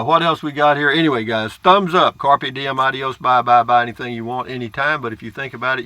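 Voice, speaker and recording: A man's voice: mid-range voice, sharp tone, no room sound. An older man, chatting casually to camera as he reads out viewer comments in a folksy, rambling way. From Central Texas. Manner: folksy, rambling, chuckles at his own jokes. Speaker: vlogger reading viewer comments.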